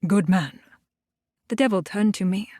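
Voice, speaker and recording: A woman voicing the devil, low and calm. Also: a little slow, no room sound, clean studio sound, natural voice. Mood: calm commanding. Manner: low, calm, controlled threat. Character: the devil, a powerful calm menacing man.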